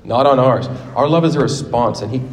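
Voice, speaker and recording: A man's voice: mid-range voice, brisk. Man preaching a sermon in a reverberant hall. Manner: animated storytelling with acted quotes. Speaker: pastor. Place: church sanctuary.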